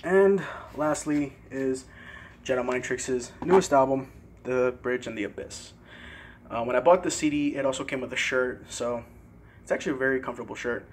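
A young man casually showing his CD collection in a vlog, relaxed and a bit hesitant, pausing over tricky words. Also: medium pitch, a little hiss or hum. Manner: relaxed, hesitant with fillers and careful pronunciation. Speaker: vlogger. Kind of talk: casual CD collection show-and-tell.

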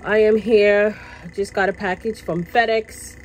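A woman talks to camera from her workplace in an easy, chatty vlog style. Her voice sits at a middling pitch and she often repeats phrases. She gets passionate and loud at times, with faint ambient noise behind her. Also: steady tone, measured pace, low-quality recording. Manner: chatty, repeats herself, tags lines with "okay?". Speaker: vlogger. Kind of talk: casual chat to camera. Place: at work, indoors.

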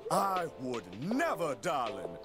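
A man's voice: fairly high pitch, wildly swooping pitch, slow pace, music in the background, exaggerated voice. An actor playing a flamboyant male disco penguin director in a video game, with a theatrical, posh drawl. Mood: haughty.

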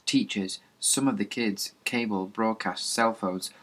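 A man voicing a calm, clever teenage girl who speaks in a level, thoughtful way. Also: lowish voice, unhurried.

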